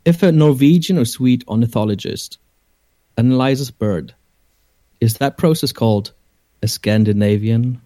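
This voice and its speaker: A man's voice: medium pitch, measured pace, dark tone, dry recording. A man who is a guest on a podcast, telling puns and amused at himself in casual chat. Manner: punning, self-amused.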